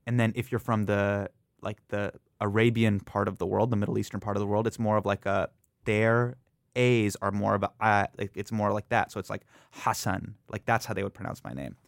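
A man's voice: lowish voice, a little fast, creaky, no echo. A man from the United States, a comedian guest in a studio interview, telling stories and acting out other people's lines. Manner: animated storyteller who acts out other people's lines. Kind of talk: conversational interview. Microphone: studio microphone.

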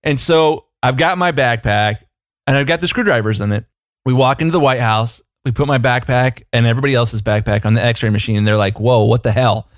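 A man co-hosting a podcast, telling a rambling, animated anecdote in casual chat, full of fillers. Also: mid-range voice, fairly quick, no echo, clean studio sound. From United States. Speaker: podcast co-host.

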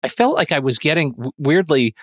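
A man in his forties hosting a podcast film discussion, talking haltingly with many fillers and restarts. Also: fairly high pitch, expressive, no echo, clean studio sound. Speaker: podcast host.

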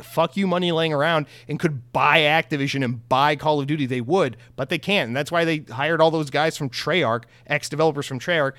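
A man's voice: a little high, fairly bright tone, no room sound. A young man giving casual, heated gaming news commentary, swearing freely and mocking companies in sarcastic voices.

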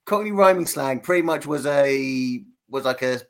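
A man, a podcast guest slowly explaining things in casual chat, with many pauses and fillers. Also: mid-range voice, over a noisy crowd. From England.

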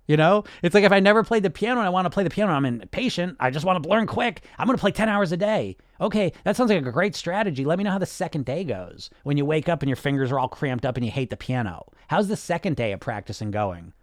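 Blunt, sarcastic man, slightly high voice. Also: animated, fast, few pauses, dry recording, studio quality. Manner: blunt, sarcastic, swears freely. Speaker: weight loss coach and podcast host. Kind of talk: casual podcast monologue.

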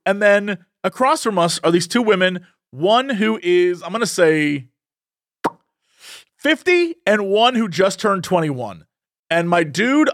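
Speaking in a high voice with studio-quality audio and no room sound, this man co-hosts a podcast. It's a casual chat in which he animatedly tells a story, performing lots of quoted voices.

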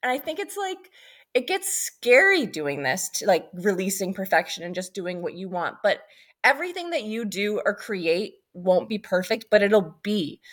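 A woman's voice: mid-range voice, big pitch swings, moderate pace, fairly bright tone. A woman co-hosting a casual podcast, chatty and rambling, swearing freely and drifting into asides. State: pregnant. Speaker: podcast co-host. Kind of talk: casual chat.

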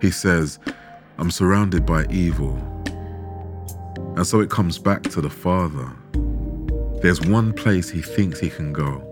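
A man telling a true story in measured, dramatic scripted narration, with rhetorical questions. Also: deep voice. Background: background music.

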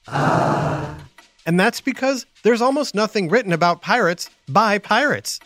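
A man's voice: high voice, lively intonation, unhurried, a bit bright, dry recording. Playful man hosting a kids show. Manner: playful, explaining to children. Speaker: host. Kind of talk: educational kids podcast narration.

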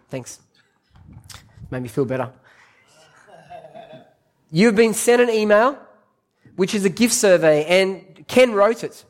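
High-voiced Australian pastor preaching. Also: male voice. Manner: anecdotal, repeats key phrases for emphasis. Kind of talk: sermon. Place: church service.

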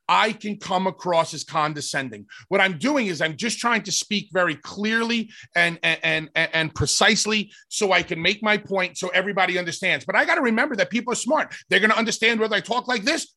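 A man's voice: sits high, animated, brisk, sharp tone. A man hosting a talk show, emphatic and talking over others. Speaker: host.

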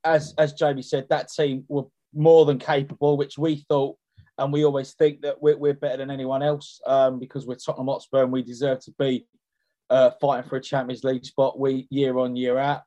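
A man's voice: medium pitch, flat delivery, normal speed, warm tone. A man on a football podcast, blunt and heated, repeating himself as he vents. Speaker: podcast co-host. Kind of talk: casual football podcast chat.

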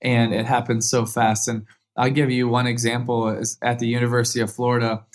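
A former football quarterback in his thirties, interviewed as a guest, tells a heartfelt personal story and becomes livelier as it builds. He speaks at medium pitch, a little fast.

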